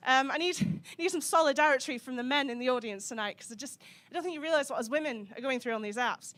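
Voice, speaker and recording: A young woman from the Scottish Highlands with a soft Highland accent, performing a dry, sweary stand-up comedy set on a club stage. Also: fast. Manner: dry, sweary, sardonic delivery.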